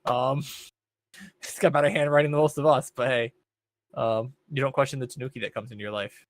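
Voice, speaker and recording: A young man chats casually on a podcast, recapping a show in a loose, rambling way. His voice sits at an ordinary middle pitch, and he fills his pauses with ums and likes. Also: fairly even intonation, dry recording. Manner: laid-back, rambling recap with many fillers. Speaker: podcast co-host. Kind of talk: casual chat.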